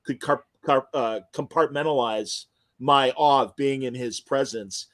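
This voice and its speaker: A man hosting an interview podcast, telling stories in an animated, emotional, casual way. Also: mid-range voice, measured pace. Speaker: podcast host interviewing comic creators. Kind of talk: casual chat.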